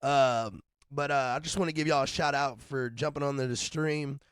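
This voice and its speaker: A man with a raspy, deep voice co-hosting a podcast, chatting loosely with laughs and shout-outs. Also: steady tone, normal speed, no echo, clean studio sound. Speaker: podcast co-host. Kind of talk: casual podcast chat.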